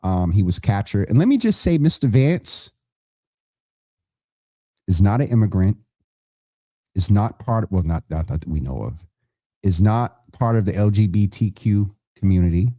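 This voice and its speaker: A man's voice: lowish voice, lively intonation, normal speed, long pauses, mellow, no echo, clean studio sound. A man hosting a live online show, making casual announcements to viewers in a chatty, rambling way, correcting himself as he goes.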